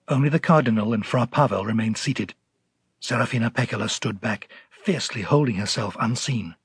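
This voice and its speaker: A man narrating a dramatized audiobook in a measured, gently dramatic way. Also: mid-range voice, breathy edge, no echo, clean studio sound.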